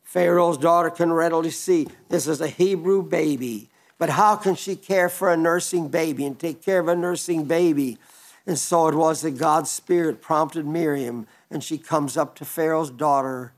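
A male pastor retelling a story in a sermon, earnest, with restarts and slow, emphatic stretches. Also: fairly high pitch.

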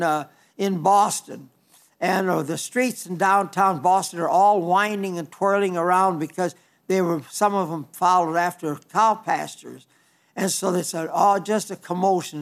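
Brief: older male preacher, light high voice, homespun sermon delivery, frequent stumbles and restarts. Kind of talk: folksy sermon.

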